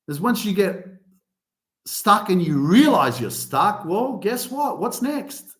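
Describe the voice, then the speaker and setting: A man delivers a fired-up motivational podcast rant, swearing freely and hammering his points. His voice sits fairly high and swings widely up and down. The sound carries a noticeable room echo. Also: slow. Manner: animated, heavy swearing, emphatic. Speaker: podcast host.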